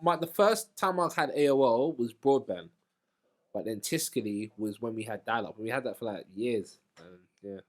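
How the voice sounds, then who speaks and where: A man with a lively, swinging voice, chatting and laughing among friends. He jumps in over the others, his pitch rising and falling freely. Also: moderate pace. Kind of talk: casual chat.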